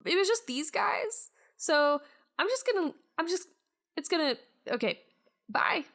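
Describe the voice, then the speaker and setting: A jittery little bat creature, hemming and hawing in a squeaky high voice, as a woman puts it on. It is a character in a tabletop game. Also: very animated, a little slow, vocal fry, fairly bright tone, full character voice. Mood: nervous. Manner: rambling, hesitant.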